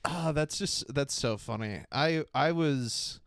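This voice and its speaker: Rambling podcast host, smooth and dry. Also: male voice, fairly high pitch, takes it slowly, no echo. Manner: rambling, trails off and laughs often. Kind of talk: casual chat.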